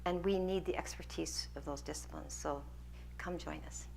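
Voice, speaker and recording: A woman's voice: deep voice, fairly even intonation, moderate pace, vocal fry, darkish tone, slight background noise. A woman lecturer taking questions from a hall audience, earnest and encouraging as she answers. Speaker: guest lecturer.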